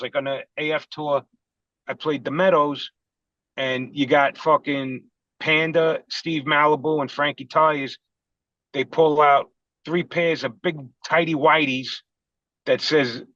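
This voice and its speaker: A man's voice: on the high side, fairly even intonation, unhurried, a bit bright, dry recording. A man from Queens, a podcast guest telling rambling, profane anecdotes in casual chat. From Queens, New York. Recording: dull, dry lo-fi sound.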